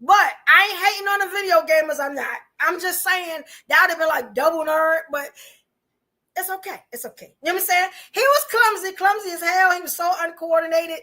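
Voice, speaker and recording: Chatty high-voiced woman host. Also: brisk, sharp tone. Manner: chatty, addresses chat viewers directly; frequent fillers and repeated rhetorical questions. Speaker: podcast host. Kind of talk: casual livestream commentary.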